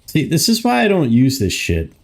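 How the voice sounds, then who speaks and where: A man's voice: a little high, huge pitch swings, normal speed, creaky. A young man live streaming from a room in his home, chatting casually, grumbling to himself and swearing often.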